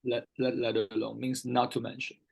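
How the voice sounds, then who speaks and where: A man talks fairly quickly in a level tone, his medium-pitched voice gravelly with a breathy edge, captured on a low-quality recording. As a one-on-one English vocabulary tutor, he patiently repeats key words and often checks in on his student's understanding.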